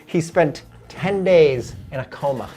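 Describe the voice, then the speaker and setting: A man telling a story in casual chat, animated and profane, quoting his friends. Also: on the high side, unhurried, over music. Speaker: guest comedian.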